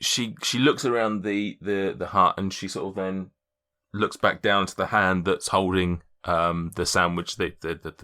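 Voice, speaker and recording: A man running a tabletop game, narrating in a fairly low voice with a bright, forceful edge. He rambles, repeats words and leans on fillers as he describes the scene. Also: steady tone, measured pace. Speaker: game master.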